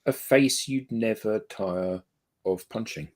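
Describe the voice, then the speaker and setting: A man co-hosting a laid-back pub chat about records. His voice is fairly low, and he jumps in eagerly, sometimes tripping over his first words before he finds his point. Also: slow. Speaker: podcast co-host.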